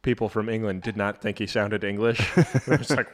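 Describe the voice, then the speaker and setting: A man's voice: on the low side, steady tone, fairly quick. A man hosting a casual podcast chat, playful and teasing in his asides. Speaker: podcast host.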